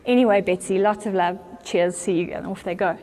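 A woman pastor, telling a story in an animated way during a sermon. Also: mid-range voice, a little fast. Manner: animated storyteller, acts out voices with laughter. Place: church.

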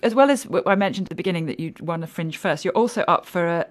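A woman's voice: lowish voice, fast. A woman hosting a podcast, asking a guest questions. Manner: inquisitive. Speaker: podcast host, interviewer. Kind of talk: interview questions.

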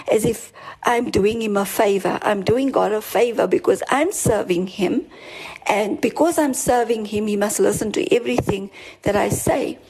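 A woman's voice: fairly high pitch, a little mellow, breathy edge, rough recording. A woman preaching a sermon, telling her own story earnestly, repeating herself as she stresses her points. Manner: earnest, with restarts and rising emphasis. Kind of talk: sermon with personal testimony.

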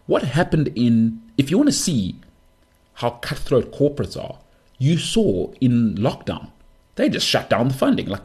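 A man hosting a sports podcast, ranting his opinions with rhetorical questions and quick asides. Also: on the high side, very animated, darkish tone, husky. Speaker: podcast host.

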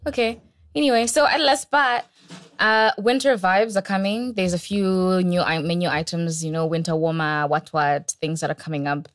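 A woman from Zimbabwe co-hosting a podcast, playful and teasing, with quick asides. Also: on the low side, fairly even intonation, no echo, studio quality. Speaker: podcast co-host. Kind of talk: casual chat. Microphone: shared mic passed around.

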